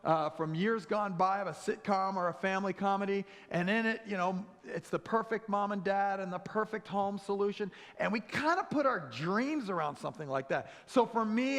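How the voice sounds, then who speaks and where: A man with a notably high voice preaches a sermon, telling funny stories and acting out both sides of a conversation. His words ring out with a long church-hall reverb. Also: fairly bright tone. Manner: humorous storytelling, acts out dialogue. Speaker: pastor. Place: church sanctuary.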